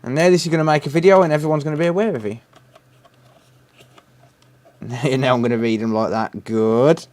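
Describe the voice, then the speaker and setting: A man's voice: fairly high pitch, steady tone, a little fast, long pauses, darkish tone. A British man hosting a repair live stream, chatting casually and answering viewer messages while he works. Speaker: repair livestream host.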